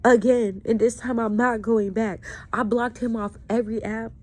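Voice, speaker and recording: Woman vlogger with a slightly high voice, raw and emotional, pouring out her story to camera. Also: steady tone, normal speed, darkish tone. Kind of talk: candid personal vlog monologue.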